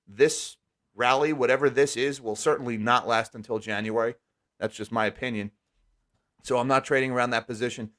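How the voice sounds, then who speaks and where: Guy hosting a livestream, chatty and wry, normal pitch, sarcastic asides. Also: fairly bright tone. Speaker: livestream host. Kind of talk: casual live-stream chat.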